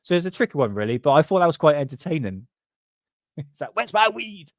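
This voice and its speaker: A man's voice: on the high side, lively intonation, fast, darkish tone, dry recording, clean studio sound. A man who hosts a paranormal livestream. He rambles casually, laughs often and swears freely.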